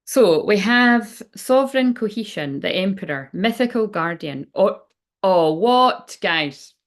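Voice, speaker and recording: A woman's voice: medium pitch, lively intonation, takes it slowly. A middle-aged woman giving a casual tarot reading, rambling and frank, swearing freely. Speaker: tarot reader. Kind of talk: casual spiritual reading chat.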